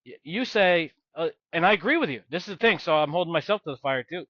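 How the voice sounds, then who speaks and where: A man's voice: on the high side, lively intonation, fast talker, no room sound. Man, podcast co-host, rambling, emphatic, close dry sound, muffled lo-fi audio. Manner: rambling, emphatic, blunt complaints. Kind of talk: casual film discussion.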